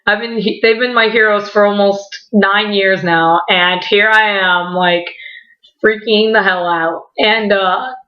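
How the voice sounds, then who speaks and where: A young woman telling a story in a casual, rambling way, excited, swearing often and saying "like" a lot. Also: mid-range voice, a little slow, highs cut off. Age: young adult. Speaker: vlogger.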